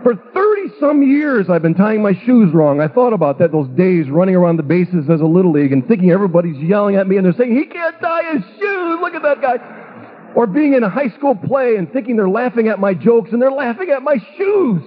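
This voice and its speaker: A middle-aged male pastor tells a self-mocking story from his own life in a fairly high, husky voice. The sound is thin and boxy, like a radio broadcast heard down a phone line. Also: expressive, brisk, few pauses. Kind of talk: storytelling testimony talk.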